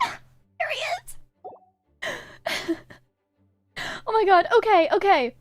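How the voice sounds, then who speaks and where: A woman streamer with a very high, lively voice gushes over her game, squealing and laughing often. She talks slowly, and faint game music plays underneath. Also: dry recording. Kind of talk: gameplay livestream commentary.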